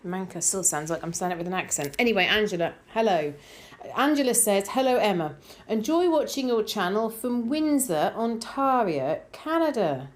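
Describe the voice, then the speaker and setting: A woman's voice: medium pitch, animated, moderate pace. A middle-aged woman with a Norfolk accent, chatting casually as she reads out viewer comments for her decluttering vlog, rambling with plenty of fillers. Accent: Norfolk English. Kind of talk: casual chat, reading comments aloud.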